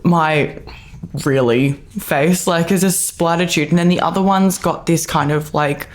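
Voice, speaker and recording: A woman co-hosting a podcast in casual chat, relaxed and giggly, using lots of fillers. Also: fairly low pitch, unhurried. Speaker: model and podcast co-host.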